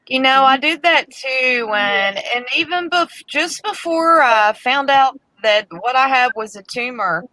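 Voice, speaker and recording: Bright, slow-spoken reassuring woman. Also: high-pitched, lively intonation, dry recording, poor audio. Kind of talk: casual chat among friends.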